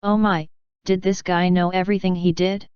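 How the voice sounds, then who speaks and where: A cheeky, boastful young brother from an audiobook, read by a woman in a clear, smooth voice on the low side. The recording is dry and a little dull. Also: flat delivery, moderate pace, darkish tone, no room sound, lightly acted.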